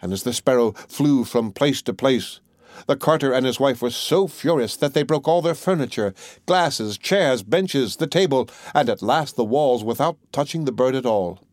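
A man reads a classic fairy tale aloud as an audiobook narrator. His delivery is measured and even, in a mid-pitched voice. The recording is dry and close, with no room sound. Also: dry recording. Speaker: audiobook reader. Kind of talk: storybook narration.

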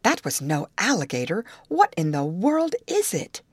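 A woman reading the part of an impulsive, excitable young woman who speaks in quick exclamations. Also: on the low side, no echo. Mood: excited.

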